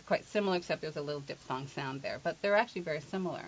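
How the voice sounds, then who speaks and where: A middle-aged woman from England speaks as an accent coach, shifting between explanation and playful spoken demonstrations. Her voice sits a little low and she teases her interviewer. The recording sounds dull and lo-fi. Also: quick pace, few pauses.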